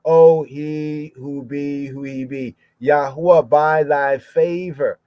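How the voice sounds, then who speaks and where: Man slowly sounding out Hebrew words. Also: fairly high pitch, fairly even intonation, no echo. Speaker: Rastafari scripture teacher. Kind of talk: Bible study podcast. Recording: dull dry lo-fi sound.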